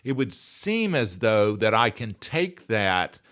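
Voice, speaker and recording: A man's voice: on the low side, very animated, takes it slowly, fairly bright tone. A man in his sixties, speaking as a podcast guest in an earnest, emphatic way and repeating his key phrases. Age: 60s. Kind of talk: conversational interview.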